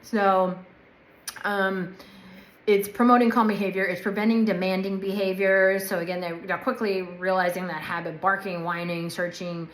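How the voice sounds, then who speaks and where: A woman's voice: medium pitch, level tone, moderate pace, a little hiss or hum. A woman dog trainer giving a casual instructional talk. She talks chattily and checks in often with "right?" and "okay?". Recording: echoey room.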